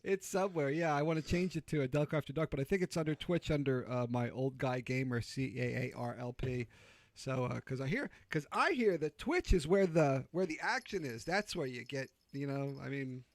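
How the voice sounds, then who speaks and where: A man's voice: mid-range voice, brisk, no room sound. A man hosting a livestreamed talk show in casual chat. He rambles, interrupts himself, laughs easily and swears.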